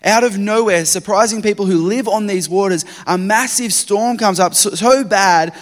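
A man preaching a sermon, swinging between loud urgent retelling and hushed quiet. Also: sits high, moderate pace, hardly any pauses. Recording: long hall reverb.

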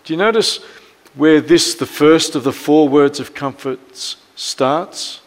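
An Australian man in his fifties preaching a sermon as pastor, telling stories and often dropping to a soft hush. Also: on the high side, unhurried. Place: church. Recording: long church reverb.

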